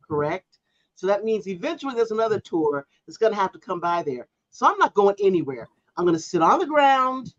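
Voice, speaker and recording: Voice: mid-range voice, fairly bright tone, dry recording, highs cut off. A podcast co-host in casual chat, telling a story and arguing her point with emphatic disbelief.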